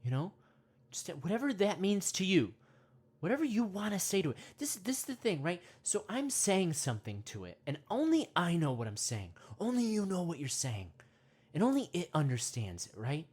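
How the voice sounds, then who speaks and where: A man leading a parody guided meditation, rambling with constant "you know" and "right?", sometimes dropping to hushed whispers. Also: sits high, wildly swooping pitch, normal speed, slightly rough. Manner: drops to hushed whispers at times.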